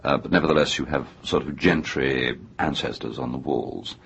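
An English author in middle age gives a radio interview, his voice very low and gravelly. He speaks in an erudite, winding way, often pausing to search for words. The recording is muffled, with a faint hiss behind it. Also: a bit bright. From England. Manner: erudite, discursive, hesitant with many fillers. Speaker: author guest. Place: New York radio studio.

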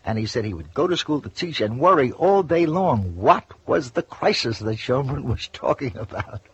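An older man, a former news correspondent, telling lively anecdotes in an interview and acting out the quotes. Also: medium pitch, normal speed, slightly rough. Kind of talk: storytelling interview. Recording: dull lo-fi radio recording.

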